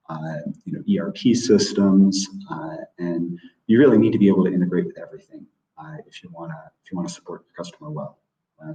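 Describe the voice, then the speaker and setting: A man's voice: low-pitched, warm tone. A man presenting product features in a webinar, hesitant and full of filler words. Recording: distant, roomy, dull audio.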